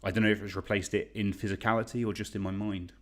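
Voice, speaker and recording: A young man from England hosting an online quiz, chatty and self-deprecating as he reads out questions and shout-outs. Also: lowish voice, level tone, quick pace. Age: young adult. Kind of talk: casual quiz hosting livestream.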